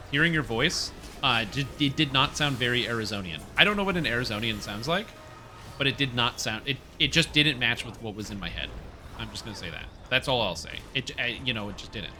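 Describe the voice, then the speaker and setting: A man with a medium-pitched voice live-streams a raid game, chatting casually with his teammates. He rambles excitedly and swears now and then.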